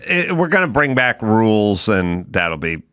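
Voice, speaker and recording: A male podcast host rants in loose, profane banter. His bright, cutting voice leaps around a lot in pitch as he tells stories. He sounds animated and brash. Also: moderate pace, clear, resonant tone, dry recording. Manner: profane, ranting, animated storytelling. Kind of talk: casual talk-show banter.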